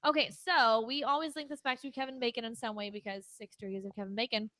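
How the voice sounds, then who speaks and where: A woman co-hosting a film podcast, chatty and rambling in an easy chat. Her voice sits a little high with a bright, forceful tone. The sound is close and dry. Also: steady tone, fast talker, dry recording. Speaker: podcast co-host. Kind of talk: casual chat.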